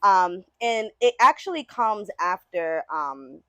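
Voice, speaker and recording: Woman author telling a story, lively pitch. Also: takes it slowly, dry recording. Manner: conversational, repeatedly checks in with "right?". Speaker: author at her book signing. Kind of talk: storytelling talk to an audience. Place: book signing event.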